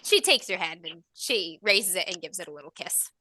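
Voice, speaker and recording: A woman's voice: fairly low pitch, expressive, normal speed, background noise. A woman narrating as game master in a tabletop game, chatty and giggly, full of "like" and asides.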